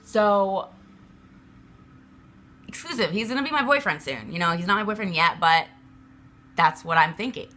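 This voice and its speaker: A woman's voice: mid-range voice, expressive, moderate pace, long pauses, sharp tone. A woman venting to the camera in a rambling, emphatic way, swearing often and filling her talk with fillers. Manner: agitated, emphatic. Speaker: vlogger.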